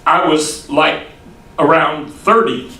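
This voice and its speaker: A man's voice: fairly high pitch, takes it slowly, pushed and bright, a little hiss or hum. A man preaching a sermon, telling a story in a folksy way and acting out what people said. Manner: folksy, repeats "he said" while acting out quoted voices. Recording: echoey room, distant mic.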